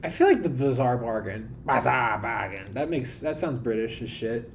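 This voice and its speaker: A man's voice: mid-range voice, lively intonation, normal speed, warm tone, a little hiss or hum. A man streaming a game, chatting casually and thinking aloud, often restarting his sentences. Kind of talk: casual live-stream chat.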